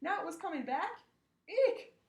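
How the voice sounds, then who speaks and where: A woman reading a children's book aloud, expressive and acting out the characters. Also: medium pitch, a little fast. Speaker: reader. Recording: echoey room.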